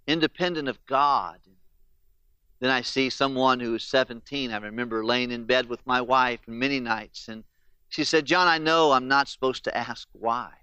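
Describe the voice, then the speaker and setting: A man preaching a sermon with a bright, smooth, resonant voice, telling stories earnestly and speaking the questions of grieving people in their own words. The sound is dry, with a slightly dull, muffled tone. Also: mid-range voice, no echo. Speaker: pastor.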